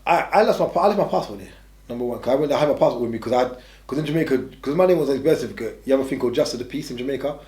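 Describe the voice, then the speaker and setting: Fast-talking blunt man, roomy sound. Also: medium pitch, lively intonation, darkish tone. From England. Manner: blunt, rambling, restarts a lot. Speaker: interviewee. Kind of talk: candid storytelling. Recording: roomy echo.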